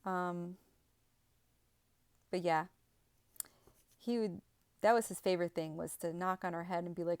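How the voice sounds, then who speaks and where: A young adult woman telling a personal story in a halting way, with many fillers and restarts. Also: on the low side, steady tone, darkish tone, smooth. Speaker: spiritual vlogger.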